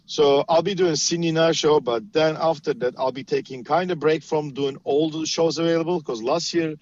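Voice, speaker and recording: A man's voice: a little high, fairly even intonation, moderate pace, darkish tone, slight background noise. A man talking casually on a podcast, plain-spoken and matter-of-fact, with the odd swear. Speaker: knife maker guest. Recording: dull lo-fi podcast mic.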